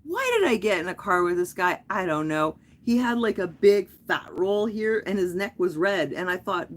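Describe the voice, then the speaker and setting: A woman's voice: mid-range voice, expressive, moderate pace, few pauses. A middle-aged woman hosting a livestream, telling a long story in a casual, rambling way, full of fillers and self-corrections. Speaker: livestream host.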